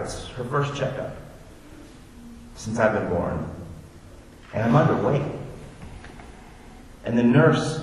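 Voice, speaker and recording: Speaking to an audience, an Orlando, Florida man shares his personal testimony through chatty, self-deprecating stories that wander off on tangents. His pitch is medium, and a little hiss or hum sits under a distant mic in an echoey hall.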